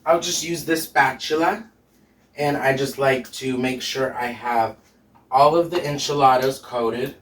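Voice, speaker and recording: A man's voice: medium pitch, steady tone, measured pace, fairly bright tone, far from the mic. Man, drag queen cooking host, sassy chatter, echoey kitchen, a bit off-mic. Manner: chatty, sassy, laughs often. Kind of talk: casual cooking chat. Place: home kitchen.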